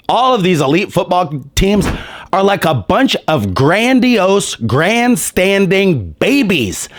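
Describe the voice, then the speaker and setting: A man's voice: high voice, no echo, studio quality. A man hosting a sports commentary show, ranting in a heated, mocking, profane way, his voice strained and worn.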